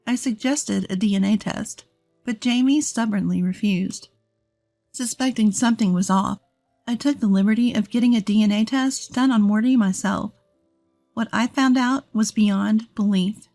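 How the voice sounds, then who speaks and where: Woman in her thirties, first-person story narration, fairly high voice, dry close sound, faint music behind. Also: moderate pace, no echo. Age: 30s. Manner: steady, earnest storytelling.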